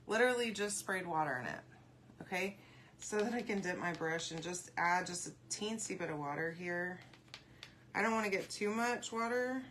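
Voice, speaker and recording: A woman's voice: fairly low pitch, moderate pace, fairly bright tone, a little hiss or hum. A woman hosting a casual crafting tutorial, chatting and rambling to viewers as she paints and answering their comments aloud. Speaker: craft video host.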